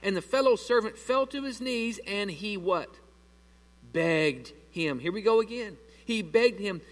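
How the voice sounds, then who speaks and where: A man preaching a sermon to his church, animated and asking the congregation questions as he reads through scripture. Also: sits high, normal speed. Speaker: pastor. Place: church sanctuary. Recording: long reverb of a large hall.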